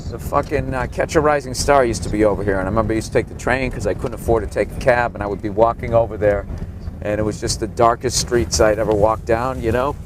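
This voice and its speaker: A man's voice: lowish voice, fairly even intonation, fast talker. A man in his forties, a stand-up comedian, slightly sick, ranting sarcastically and profanely while riding in the back of a cab. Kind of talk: ranting tour commentary from a cab. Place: back seat of a cab in city traffic. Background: faint traffic noise.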